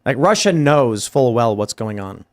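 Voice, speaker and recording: A man hosting a political talk show, arguing in an emphatic, rapid way. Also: medium pitch, expressive. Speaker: host. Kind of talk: casual political chat.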